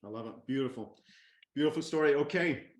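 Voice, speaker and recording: A man's voice: on the high side, fairly quick, reverberant. A man hosting a call interview, encouraging and affirming his guests. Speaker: host.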